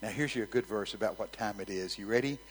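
A man's voice: fairly low pitch, fast talker, breathy edge, big-room sound, rough recording. A man preaching a sermon, telling stories with animation and calling out to his congregation. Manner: animated storytelling, calls out to the congregation.

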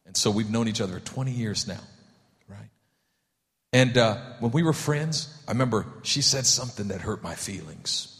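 Male pastor, lively swooping delivery, jokey sermon style, reverberant church hall. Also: lowish voice, moderate pace. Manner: animated, acts out voices for humor.

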